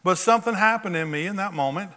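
Male pastor, high voice, sermon storytelling, long church reverb. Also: fast. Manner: animated anecdotal storytelling with repetitions.

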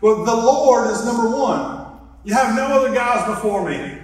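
A man's voice: very high voice, lively intonation, moderate pace. A man preaching a sermon as pastor, earnest and reflective, guiding his listeners through a simple hand gesture exercise. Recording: echoey hall from far off.

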